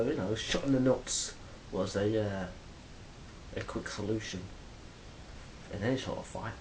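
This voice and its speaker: A man's voice: medium pitch, slight background noise, low-quality recording. A man telling stories in a rambling, casual monologue to a phone camera, swearing freely. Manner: rambling, swears freely, acts out quoted exchanges loudly. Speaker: vlogger.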